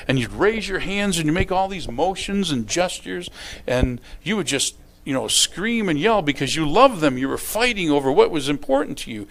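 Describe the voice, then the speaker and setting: A middle-aged male pastor giving a sermon in a folksy, conversational way, often acting out quotes. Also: medium pitch.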